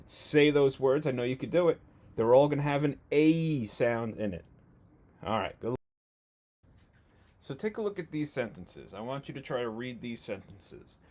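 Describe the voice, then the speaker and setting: A man's voice: medium pitch, lively intonation, a little mellow. Patient male first grade teacher. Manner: slow, patient, encouraging, stretches out words. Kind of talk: remote video lesson for young children.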